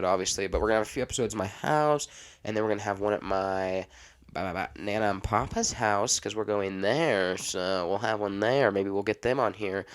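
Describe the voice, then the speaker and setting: A man's voice: on the low side, smooth. A man hosting a solo podcast, talking in a rambling, exasperated way. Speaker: podcast host.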